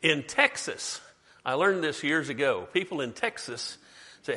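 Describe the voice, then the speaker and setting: Joking preacher in an echoing hall. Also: male voice, a little high, expressive, moderate pace, bright, forceful tone. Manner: conversational, quizzes the congregation, joking asides. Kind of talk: sermon. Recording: long hall reverb.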